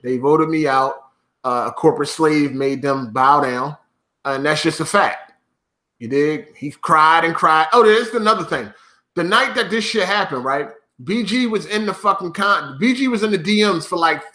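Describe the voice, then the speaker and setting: A man with a high, bright, forceful voice vents straight to his audience in a profane vlog rant. He repeats his points over and over with emphatic, swearing insistence. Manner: profane, repetitive, emphatic ranting. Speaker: YouTuber.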